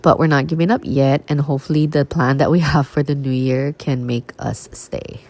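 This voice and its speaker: A woman's voice: extremely low pitch, fairly even intonation, moderate pace, darkish tone. A woman speaking in a personal vlog, candid, earnest and reflective.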